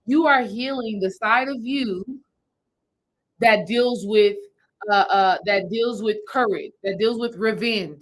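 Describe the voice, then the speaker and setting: A woman's voice: fairly high pitch, a bit bright, poor audio. A woman spiritual healing coach, talking her audience through a meditation step by step in a casual, repetitive way. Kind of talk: guided meditation talk to a live audience.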